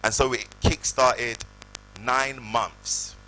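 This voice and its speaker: A man, telling animated stories on stage at a live event. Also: medium pitch, takes it slowly, slight background noise, poor audio. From United Kingdom. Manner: animated, acts out voices in anecdotes. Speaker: guest actor. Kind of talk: storytelling on stage. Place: live event hall with audience.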